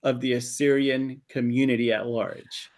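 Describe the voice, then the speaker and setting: A man hosting a podcast, inviting his guest in an eager, halting way. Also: mid-range voice, little pitch movement, darkish tone. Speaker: podcast host. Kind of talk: casual interview.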